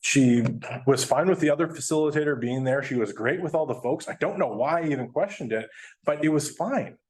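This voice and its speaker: A man, a guest speaker telling a personal story in a chatty, animated way, laughing now and then. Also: on the high side, brisk. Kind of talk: storytelling presentation.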